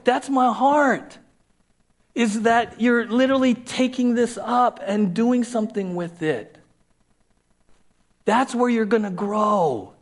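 A man's voice: extremely high pitch, takes it slowly. A man preaching a sermon as a pastor in a conversational way, repeating key phrases and acting out quoted voices.

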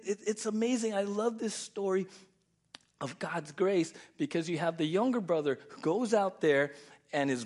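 A man preaching a sermon as pastor, emphatic and repetitive, often dropping soft and low to stress a point.

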